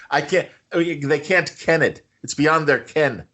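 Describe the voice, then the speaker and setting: A man's voice: a little high, measured pace, bright, forceful tone. A man co-hosting a podcast, chatting casually and joking about a TV episode, with rambling restarts and fillers. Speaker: podcast co-host. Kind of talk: casual chat reviewing a TV episode.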